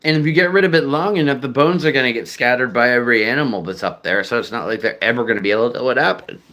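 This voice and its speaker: A man's voice: mid-range voice, rapid-fire, sharp tone. Rambling profane man chatting casually. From United States. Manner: rambling, profane, self-deprecating, many fillers. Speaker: streamer chatting with viewers.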